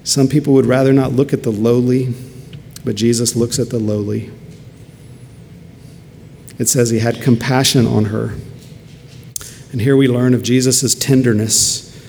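A man's voice: mid-range voice, fairly even intonation, unhurried, creaky, long pauses, a little mellow, a little hiss or hum. A man preaching a sermon earnestly, building to emphatic peaks. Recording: long hall reverb, faint ambience.

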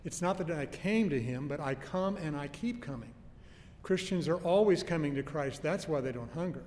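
A man preaching a sermon in an earnest, emphatic way, slowing down to stress key phrases. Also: fairly high pitch, expressive, a little mellow. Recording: faint noise and long hall reverb.

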